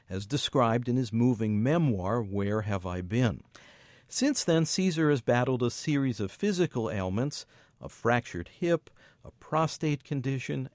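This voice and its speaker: A man reads scripted documentary narration in a measured, storytelling manner. His pitch moves a lot, and the sound is dry and close. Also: a little mellow, no echo.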